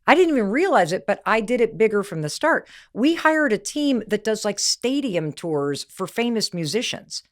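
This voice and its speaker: A woman's voice: mid-range voice, moderate pace, hardly any pauses. A woman podcast host and motivational speaker, telling a story emphatically and speaking straight to the listener. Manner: animated, emphatic, addresses listener directly.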